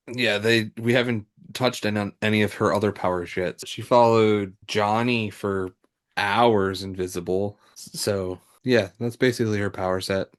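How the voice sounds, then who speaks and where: A man's voice: fairly low pitch, fairly even intonation, unhurried. A man co-hosting a podcast, laid-back and joking in casual chat. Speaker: podcast co-host.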